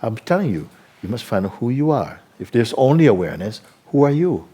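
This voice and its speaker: A man giving spiritual teaching to a live audience, unhurried and probing with repeated questions. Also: mid-range voice, very animated, dark tone, slightly rough.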